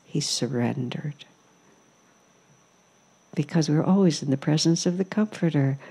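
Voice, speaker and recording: A woman's voice: sits low, measured pace, slightly rough. A woman giving a spiritual talk in an ashram, telling stories in an amused, reflective way. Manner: warm storytelling, amused, reflective. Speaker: spiritual teacher. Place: ashram hall.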